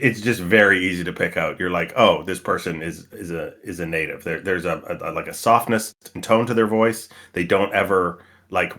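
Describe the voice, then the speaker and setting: Low-voiced man rambling in casual chat. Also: sharp tone. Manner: rambling, many restarts and fillers. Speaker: tabletop game player.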